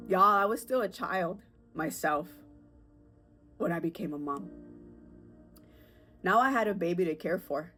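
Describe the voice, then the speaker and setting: A woman in her thirties, perhaps with a lilt, hosting a personal podcast in an earnest, emotional way, with halting restarts and fillers. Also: on the low side, bright, forceful tone, faint music behind. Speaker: podcast host.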